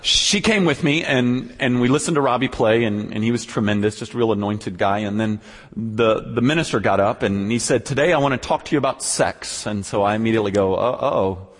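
A male preacher tells his story in an animated way, dropping low and quiet, then rising to loud, high outbursts, with stammered restarts. His voice is somewhat husky, and it rings with the long reverb of a large hall. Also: fairly quick. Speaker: pastor. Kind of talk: sermon storytelling.

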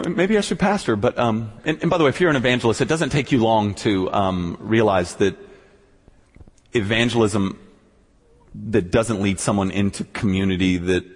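A male preacher tells his story in an animated way, dropping low and quiet, then rising to loud, high outbursts, with stammered restarts. His voice is somewhat husky, and it rings with the long reverb of a large hall. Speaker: pastor. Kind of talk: sermon storytelling.

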